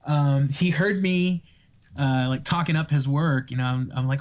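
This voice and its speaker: A man telling stories in a casual podcast chat, excitable and laughing often as he acts out what people said. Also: mid-range voice, moderate pace. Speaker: podcast guest.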